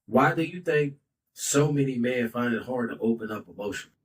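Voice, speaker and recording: A man's voice: mid-range voice, lively intonation, a little fast, distant mic, poor audio. Heartfelt casual man, a bit off-mic. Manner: heartfelt, loose, heavy use of "bro" and "like". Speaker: podcast host. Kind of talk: casual podcast talk.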